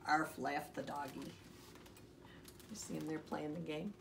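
A woman reading a children's picture book aloud with expressive voices and chatty asides to the listener. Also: low voice, a little slow, creaky, distant mic. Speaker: storyteller. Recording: echoey room, off-mic, faint hiss.

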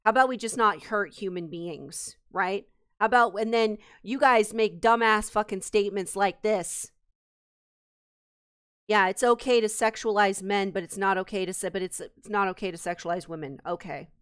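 A woman's voice: medium pitch, normal speed, a bit bright, smooth. A woman streamer venting angrily and profanely to her live chat, exasperated and swearing. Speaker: streamer host. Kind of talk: heated live-stream rant.

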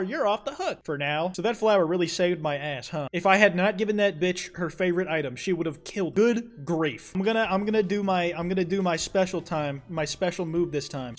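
A man's voice: sits high, brisk, hardly any pauses. A young man giving sarcastic, profane, jokey let's play commentary as a gaming streamer.

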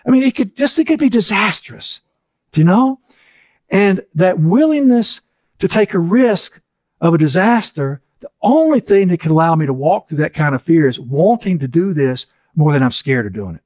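A man's voice: sits high, very animated, normal speed, darkish tone, no echo. A middle-aged man giving an earnest teaching session, repeating key phrases for emphasis.

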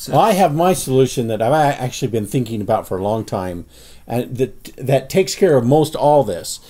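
Animated man riffing on a podcast. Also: medium pitch, normal speed. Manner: joking, lays out ideas at length. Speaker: podcast co-host. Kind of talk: casual group chat.

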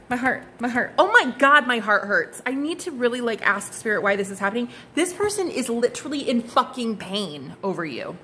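Gushing, bright-voiced woman tarot reader. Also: mid-range voice, a little hiss or hum. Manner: gushing, exclamatory, swears casually, sings snatches of songs. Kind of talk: casual tarot reading to camera.

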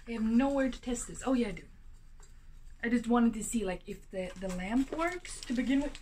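A young woman vlogging from her apartment as she unboxes a package, chatty and excitable, gasping and exclaiming with lots of fillers. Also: fairly high pitch, moderate pace. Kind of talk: casual unboxing vlog.

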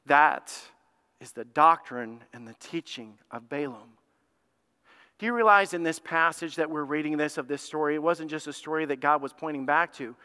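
A male pastor preaching a sermon in an animated, conversational way, turning to question his congregation. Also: on the high side, moderate pace, smooth. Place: church sanctuary. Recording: long reverb of a church hall.

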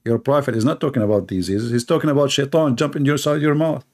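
Brief: sarcastic commentator, a man with an Arabic accent, middle pitch, broken grammar, mocking delivery, repeats words. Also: fairly even intonation, fast, a little mellow. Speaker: Christian apologist commentator. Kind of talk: mocking monologue.

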